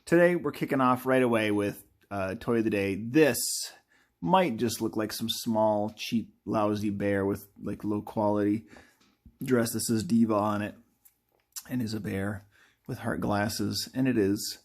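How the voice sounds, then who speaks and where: A man with a lowish, fairly even voice speaks a little slowly as he hosts a live drawing video. He's an artist who chats casually, rambling playfully and correcting himself as he goes.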